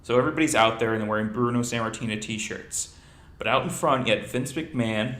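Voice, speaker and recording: A man's voice: medium pitch, a little fast, echoey room. A man hosting a podcast in casual chat, telling stories and joking. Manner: animated storyteller, jokey. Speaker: podcast host.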